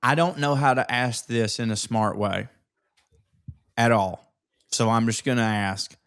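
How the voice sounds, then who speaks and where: A man's voice: mid-range voice, fairly even intonation, a bit bright, clean tone, dry recording, studio quality. A man co-hosting a comedy podcast, asking curious questions in a playful, casual way. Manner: curious, playful, quick interjections. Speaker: podcast co-host.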